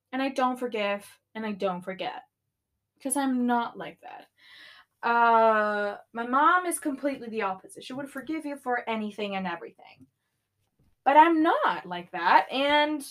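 A young woman hosting a casual solo podcast, ranting loudly with swearing and sudden screams while tidying her room. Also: a little high. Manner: swearing, loud outbursts and screaming. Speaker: podcast host.

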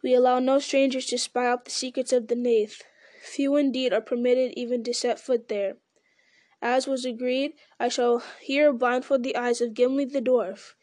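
A grave male elf sentry, as a woman reads him aloud, speaking in a stern, measured way. The voice sits fairly high and sounds close and dry, with no room around it. It has the even pace of a storybook reading. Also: no room sound, lightly acted.

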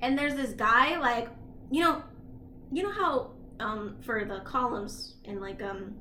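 Woman, podcast co-host, rambling storyteller, high-pitched, echoey apartment room. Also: measured pace, sharp tone, slight background noise. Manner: rambling, lots of likes and ums. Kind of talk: casual chat, retelling a story.

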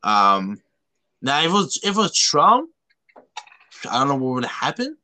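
A man from Canada hosts a loose podcast conversation and rambles, with plenty of fillers and false starts. His pitch moves around a lot, and his tone is bright and forward. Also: huge pitch swings, measured pace. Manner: rambling, many fillers and restarts. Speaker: podcast host. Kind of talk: casual chat.

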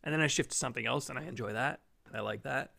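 A man's voice: medium pitch, very fast, vocal fry, pushed and bright. A man hosting a podcast interview, easygoing and stumbling into restarts. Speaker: podcast host. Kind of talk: casual interview chat.

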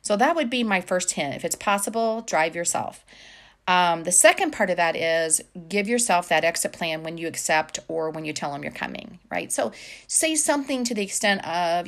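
A woman's voice: lowish voice, lively intonation, normal speed, fairly bright tone. A woman life coach giving casual, encouraging advice to viewers, chatty with many fillers.

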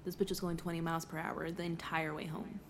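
A young woman co-hosting a casual podcast chat, swearing freely and telling stories with lively energy. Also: lowish voice, fast talker, a little hiss or hum. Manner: profane, animated storyteller. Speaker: podcast co-host.

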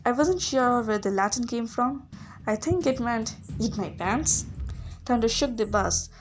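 A woman narrating a novel chapter in first person, in a fairly high voice. She reads with energy and the odd small slip. Faint music plays underneath. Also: moderate pace. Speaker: audiobook reader. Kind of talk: reading a novel aloud.

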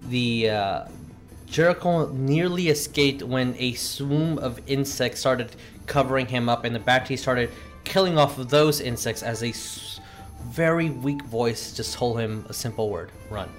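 A man narrating as game master, recapping a tabletop game session in a slow, halting way with many pauses. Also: medium pitch, soft background music.

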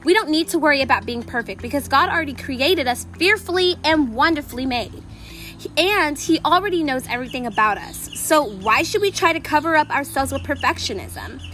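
A woman's voice: high voice, lively intonation, fairly quick, sharp tone. A woman hosting a casual faith podcast outdoors, chatty and enthusiastic, with many fillers. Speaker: podcast host. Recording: music playing underneath.

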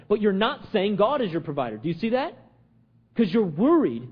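A man preaching a sermon in a high, lively voice that climbs and drops across a wide range. He hammers home repeated rhetorical questions, swinging between loud emphasis and hushed asides. The recording sounds dull and lo-fi. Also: normal speed, slightly rough. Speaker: pastor.

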